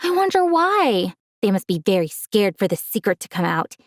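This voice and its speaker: A woman's voice: fairly high pitch, expressive, moderate pace, no echo, studio quality, natural voice. A woman voicing a jealous, mocking teenage girl who turns on her cousin in a storybook tale.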